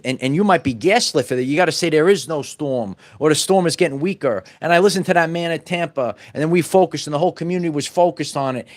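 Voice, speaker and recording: A middle-aged man hosting his own channel, preaching in a loose, repetitive monologue full of stumbles and restarts. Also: on the high side. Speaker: channel host. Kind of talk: off-the-cuff motivational monologue.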